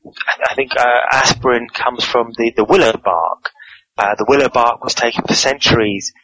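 A man, a guest author, answering interview questions in a measured, explanatory way, often repeating words as he goes. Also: medium pitch, fairly even intonation, pushed and bright, rough recording.

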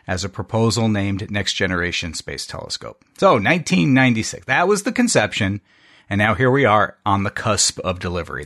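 Man, 50s, science podcast co-host; lively, laughing delivery with a lower voice. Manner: lively, laughs mid-sentence, reads aloud. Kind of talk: casual science chat.

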